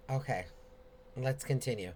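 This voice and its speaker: A man's voice: mid-range voice, lively intonation, slow pace, dark tone, a little hiss or hum. Rambling, chatty man hosting a live Q&A. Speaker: host answering viewer questions. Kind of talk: casual live Q&A video.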